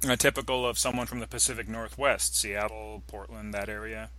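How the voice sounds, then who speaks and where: A man hosting an interview, asking measured questions and backing the guest with frequent mm-hmms. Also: fairly low pitch, flat delivery, bright, forceful tone, rough recording. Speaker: interviewer host.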